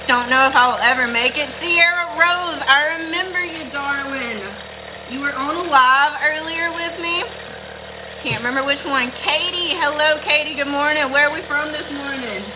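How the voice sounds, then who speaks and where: Hosting a casual livestream, a middle-aged Southern US woman with a high voice talks at a moderate pace. She greets viewers by name in a folksy way as she milks goats, while a running milking machine fills the recording with noisy hum.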